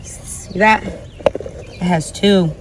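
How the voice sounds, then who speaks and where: A woman's voice: lowish voice, fairly even intonation, drawn-out words, noisy background. A woman giving a casual garden tour vlog outdoors, chatty and rambling, thinking aloud and correcting herself as she goes. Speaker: gardening vlogger.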